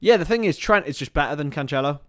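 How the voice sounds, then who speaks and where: A man hosting a live football watchalong stream, swinging between excitable play-by-play and chatty asides with casual swearing. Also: a little high, fast. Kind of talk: casual live match commentary.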